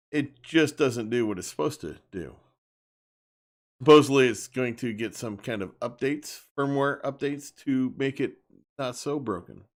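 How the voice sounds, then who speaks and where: A man talking straight to his live-stream viewers in a loose, unscripted rant. He is blunt and emphatic and circles back to repeat his points. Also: medium pitch. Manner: blunt, emphatic, repeats himself while ranting.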